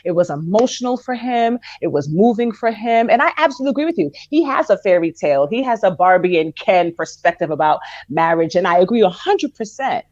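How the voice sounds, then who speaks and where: A woman's voice: medium pitch, fairly quick, hardly any pauses, no echo. A woman co-hosting a podcast, making her case expressively through an extended metaphor. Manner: expressive, builds points with metaphors. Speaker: podcast co-host. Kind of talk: casual commentary chat. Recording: slightly muffled dry mic.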